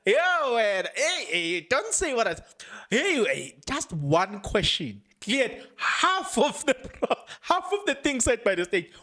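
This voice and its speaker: A South African man hosting a podcast, commenting excitedly on a court case with frequent laughter and Zulu phrases mixed into English. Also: very high-pitched, measured pace. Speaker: podcast host.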